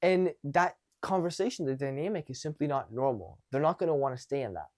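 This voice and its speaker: A man's voice: on the high side, brisk. A man coaching social confidence, talking casually to camera and acting out example conversations. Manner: animated, acts out example conversations; loose, conversational with frequent restarts.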